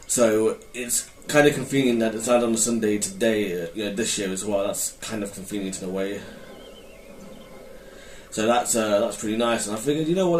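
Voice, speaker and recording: A man with a lowish, somewhat dark voice hosts his own gaming channel, rambling through commentary on his play. He sounds hesitant and keeps correcting himself in this casual talk. The mic sits far away in a roomy space, with faint noise.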